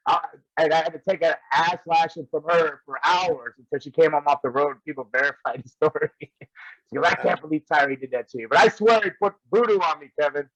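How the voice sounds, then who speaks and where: A man with a fairly high voice tells rambling stories and breaks into laughter again and again. The sound is dry and a bit dull, like a lo-fi recording. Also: brisk, a bit bright, no room sound. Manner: laughs often while telling stories. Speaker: guest wrestler. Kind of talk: casual storytelling.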